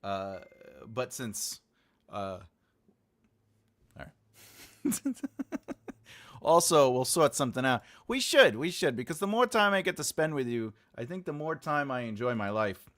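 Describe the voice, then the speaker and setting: A man's voice: mid-range voice, sing-song, unhurried, long pauses, fairly bright tone. A man hosting a live writing class, chatting casually and jokingly with his audience, rambling with many filler sounds and answering chat comments aloud. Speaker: writing teacher and host.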